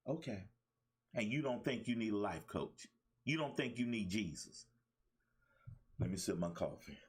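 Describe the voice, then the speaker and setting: A man's voice: a little high, sing-song, normal speed, fairly bright tone. A middle-aged man hosting a talk show as a life coach, delivering a fired-up, preachy monologue with emphatic repetition and colloquial speech. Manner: preachy, emphatic, repeats phrases.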